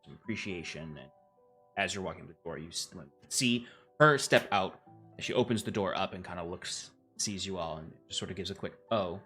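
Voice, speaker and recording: Male game master with a low voice; loose, filler-heavy narration over soft music. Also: fast.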